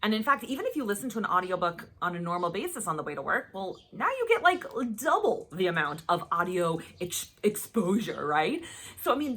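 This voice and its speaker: A woman coaching her listeners through a self-help lesson, her pitch jumping around a lot as she talks. Her voice is bright but a little husky, and she keeps checking in with "right?" and "okay?" after each point. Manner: acts out examples in lively voices. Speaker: life coach. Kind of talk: self-help teaching talk.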